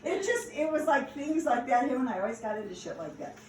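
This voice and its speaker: A woman telling stories from her past in a casual, animated way, laughing and acting out the lines. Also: high voice, fairly quick, a little hiss or hum. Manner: animated, laughing, acts out quotes. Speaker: storyteller. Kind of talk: casual storytelling. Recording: echoey room, distant mic.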